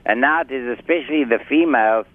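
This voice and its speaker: A man's voice: medium pitch, quick pace, dry recording. A man with a South African accent, a guest doctor in a radio interview, talking in a formal, chatty, self-assured way. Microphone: phone line. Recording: tinny phone line.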